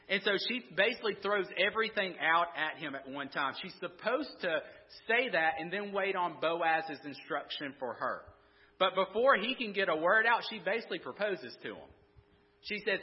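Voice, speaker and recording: A man's voice: on the high side, expressive, moderate pace, muffled recording. A man preaching a conversational sermon, asking the congregation questions and often restarting his sentences. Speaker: pastor.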